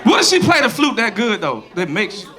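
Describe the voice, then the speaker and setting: A man performing a loud, crude stand-up comedy set on a club stage, animated and silly, with a laughing crowd behind him. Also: high-pitched, fairly quick. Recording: live club with crowd noise.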